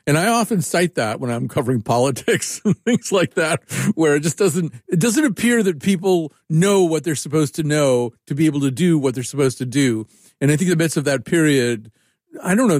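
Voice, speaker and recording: A man's voice: fairly high pitch, expressive, moderate pace, a little mellow, dry recording, clean studio sound. A man hosting an interview, musing in a reflective way before he asks his guest for his thoughts. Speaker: interviewer host. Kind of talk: conversational interview.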